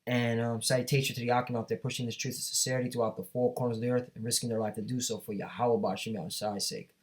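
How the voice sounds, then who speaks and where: A man's voice: medium pitch, little pitch movement, quick pace. Guy teaching bible verses, reads them out then breaks them down, keeps saying all right. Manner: reads verses aloud then comments emphatically; repeatedly checks in with listeners. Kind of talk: scripture teaching.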